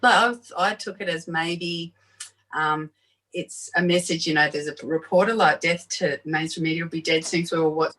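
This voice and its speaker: A woman's voice: deep voice, fairly even intonation, normal speed, fairly bright tone, rough recording. A woman chatting casually and with amusement on a video call. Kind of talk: casual group chat.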